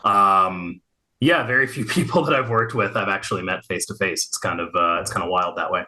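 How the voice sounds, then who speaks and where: A man's voice: deep voice, brisk, pushed and bright. A man from Arkansas with no regional accent, a comic writer chatting as an interview guest with many fillers and restarts. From Little Rock, Arkansas. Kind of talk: casual interview chat.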